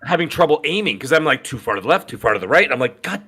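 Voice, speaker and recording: A man's voice: mid-range voice, racing, breathy edge. A man co-hosting a gaming podcast, telling stories and acting out his own reactions. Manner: animated storyteller, acts out his own reactions. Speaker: podcast co-host. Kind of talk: casual gaming podcast chat.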